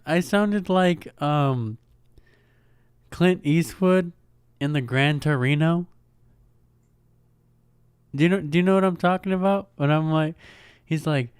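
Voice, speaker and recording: A man's voice: on the high side, smooth, no echo, studio quality. A young man hosting a casual solo podcast, rambling along in a laid-back way, joking, swearing, and calling the listener "dude" and "man.". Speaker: podcast host.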